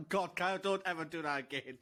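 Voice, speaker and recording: A man's voice: a little high, normal speed, sharp tone. A man co-hosting a casual comedy podcast, teasing and ribbing the others in mock-stern banter. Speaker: podcast co-host. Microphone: podcast mic in a live online session.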